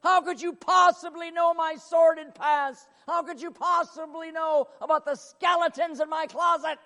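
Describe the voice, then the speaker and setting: A man's voice: sits high, fairly even intonation, fast talker, a little mellow, big-room sound, close to an everyday voice. A preacher, a man, voicing an astonished Samaritan woman at a well, firing off exclaimed questions.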